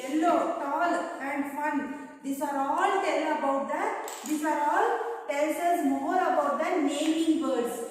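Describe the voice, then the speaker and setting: A woman teaching a lesson to young children, patient and repetitive, checking in with "right?" after almost every line. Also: sits high. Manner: patient, repeats "right?" and "yes" often, acts out animal sounds. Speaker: primary school teacher. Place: classroom. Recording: echoey room, voice from far off.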